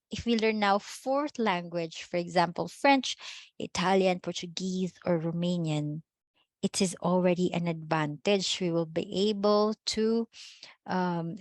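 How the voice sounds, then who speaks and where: A woman with a Filipino accent teaches an online class, her voice sitting at a middle pitch. She switches easily between English and Filipino and keeps checking in with her students. The sound is dry and close, with no room echo.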